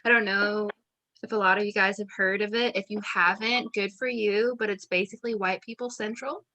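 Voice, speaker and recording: A woman's voice: mid-range voice, fairly even intonation, brisk, pushed and bright, no echo. Upbeat woman comedian, dry sound. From Amarillo, Texas. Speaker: stand-up comedian. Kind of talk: stand-up comedy.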